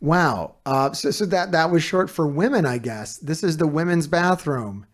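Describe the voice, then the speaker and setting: A man's voice: a little high, expressive, moderate pace. A man reacting to a video as a streamer, ranting in casual, heavily profane and exasperated commentary.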